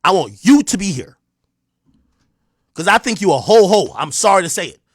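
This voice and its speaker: Brief: New Jersey man, livestream host, confrontational rant, high lively voice, dry close sound. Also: normal speed, breathy edge, dry recording. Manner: taunting, confrontational, swings between loud and low. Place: home streaming room.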